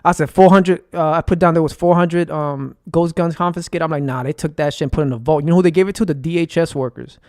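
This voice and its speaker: A New man speaks straight into a close, dead-dry mic in a somewhat high voice. He rambles in an agitated monologue, swearing freely, repeating phrases and filling gaps with ums and uhs. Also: steady tone, fast talker, hardly any pauses, darkish tone, no room sound. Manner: rambling, profane, with frequent fillers and repeated phrases. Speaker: streamer.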